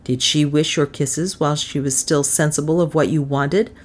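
Woman doing an earnest young gentleman, low voice, urgent, pleading, storybook. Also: fairly even intonation, moderate pace, breathy edge.

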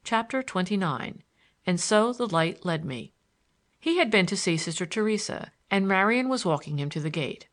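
Her voice sits in the mid range as she narrates a novel from a script. This audiobook reader keeps the pace measured while staying expressive.

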